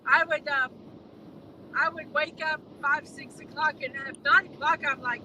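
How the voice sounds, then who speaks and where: High, lively woman, rambling casual chat, recorded in a car with clear road noise. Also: unhurried. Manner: chatty, rambling, laughs easily. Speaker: co-host of a live driving stream.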